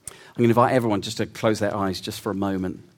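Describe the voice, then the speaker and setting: Earnest pastor preaching. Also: male voice, lowish voice, steady tone, fast talker. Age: middle-aged. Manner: earnest, building to loud emphasis then dropping to a soft hush. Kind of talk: sermon.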